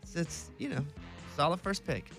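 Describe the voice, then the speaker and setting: A man's voice: fairly high pitch, very animated, moderate pace, fairly bright tone, soft background music. A man from Arkansas with a Southern accent, hosting casual morning radio banter in a studio and leading the group game. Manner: upbeat, leads the game. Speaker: radio show host.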